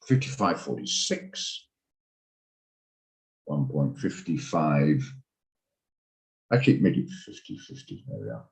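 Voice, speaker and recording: A man's voice: rumbling low, very animated, slow pace, gravelly, pauses often, roomy sound, low-quality recording. A man hosting a live trading session, chatting and thinking aloud as he works through charts. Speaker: trading room host. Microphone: video call.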